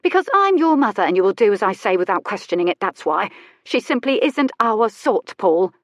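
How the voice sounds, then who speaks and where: A woman's voice: mid-range voice, very animated, moderate pace, dry recording, clean studio sound, lightly acted. Woman playing a snooty self-righteous mom, scolding, prim and clipped. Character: stern self-righteous village mother, woman.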